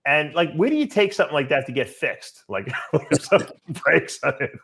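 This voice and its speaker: A man's voice: on the high side, expressive, brisk, gravelly, fairly bright tone, slightly rough. Chatty rambling man hosting a podcast. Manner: rambling, repeats words while restarting. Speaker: podcast host. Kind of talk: casual chat.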